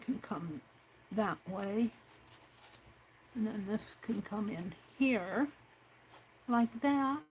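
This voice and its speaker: A woman's voice: medium pitch, slow pace, long pauses, a little mellow, slight background noise, low-quality recording. A woman hosting a crafting livestream, chatting casually to herself and her viewers while she works. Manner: chatty, talks to herself while working, reads chat aloud.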